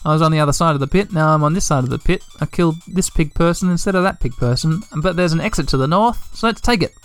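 A gaming podcast host giving playful, animated let's play commentary, full of sound effects. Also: medium pitch, quick pace, faint music behind.

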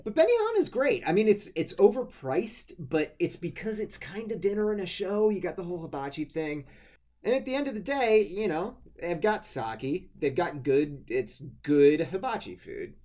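Animated young man, lively pitch. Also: normal speed. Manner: animated, laughs easily, stammering restarts. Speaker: podcast co-host. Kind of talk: casual chat.

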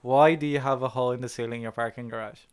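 A man co-hosting a film podcast, sweary and animated, laughing often as he talks. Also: medium pitch, rapid-fire, smooth. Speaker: podcast co-host. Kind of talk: casual film chat.

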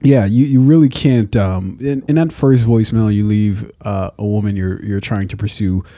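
A man hosting a casual podcast chat, laid-back and quick to laugh. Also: lowish voice, warm tone, no echo, clean studio sound. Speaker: podcast host.

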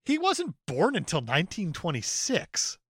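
A man's voice: sits high, huge pitch swings, moderate pace, fairly bright tone, slightly rough, dry recording, studio quality. A man co-hosting a podcast, giving wry, sarcastic commentary in casual chat. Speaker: podcast co-host.

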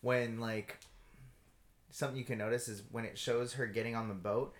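A man's voice: medium pitch, fairly even intonation, normal speed. A man co-hosting a casual podcast chat, telling crude jokes and stories with plenty of swearing. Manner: profane, joking storytelling. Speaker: podcast co-host.

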